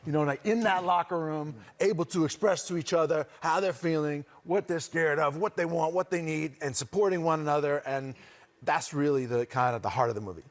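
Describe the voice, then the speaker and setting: Male, 40s, from Boston, slightly higher voice, loose rambling guest-chat delivery. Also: brisk. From Boston area. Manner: relaxed, rambling with frequent restarts and fillers. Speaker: guest actor. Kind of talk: casual chat.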